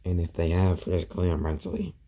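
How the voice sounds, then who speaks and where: A man voicing a calm, caring teenage boy hero in a storytelling, speaking gently and matter-of-fact. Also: low voice, fast, full character voice.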